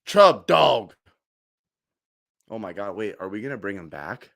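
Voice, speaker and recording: A man in his twenties, a sports fan streamer ranting emotionally to his chat, swinging from shouts to hushed murmurs. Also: low voice, fast. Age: 20s. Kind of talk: excited casual fan rant.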